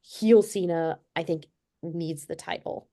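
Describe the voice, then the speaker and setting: A gravelly, fairly low-pitched voice belongs to a young adult woman who talks slowly. As a podcast co-host, she tells a story in a casual, animated way, acting out the quotes.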